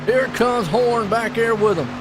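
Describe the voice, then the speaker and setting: A man calling a live sim race play-by-play, excitable and folksy. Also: extremely high pitch, unhurried, over music. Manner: excitable, folksy, puzzled asides. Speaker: race commentator.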